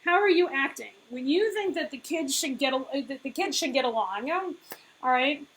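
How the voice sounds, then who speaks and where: A woman in her thirties with a high voice gives a casual coaching talk. She speaks conversationally, leans on fillers and keeps checking in with "right?" and "all right?". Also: expressive, moderate pace, fairly bright tone, slight background noise, rough recording. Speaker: business owner and life coach.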